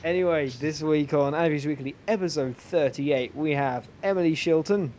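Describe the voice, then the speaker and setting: A man hosting a casual group podcast, rambling and joking between quick asides. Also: on the high side, a little mellow, slight background noise. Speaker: podcast host.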